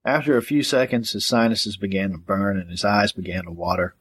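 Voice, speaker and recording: A man narrating a gritty crime novel in a steady, matter-of-fact audiobook reading. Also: on the low side, brisk, slightly rough.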